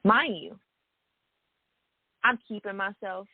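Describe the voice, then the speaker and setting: A woman's voice: mid-range voice, slow, husky, no echo. A grown woman giving a frank personal faith testimony, speaking earnestly and emphatically with frequent "you know" and "right?" asides. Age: adult. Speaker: faith vlogger. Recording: dry, phone-like audio.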